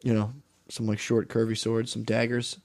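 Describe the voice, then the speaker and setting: A man's voice: on the low side, completely flat delivery, moderate pace, a little mellow. Rambling man telling stories on a podcast. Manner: rambling, storytelling, swears, trails off. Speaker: podcast co-host. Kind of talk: casual banter.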